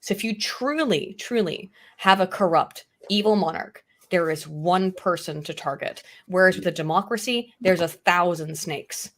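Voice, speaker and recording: A woman's voice: lowish voice, normal speed, hardly any pauses, a bit bright. A woman, a guest in a casual livestream debate, arguing emphatically and swearing freely.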